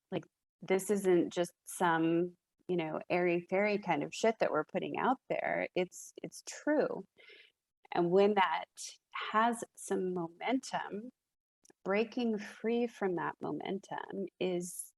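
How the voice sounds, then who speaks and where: A woman's voice: on the low side, gravelly, low-quality recording. A woman speaking as a guest in a casual podcast conversation, reflective, with frequent fillers and restarts.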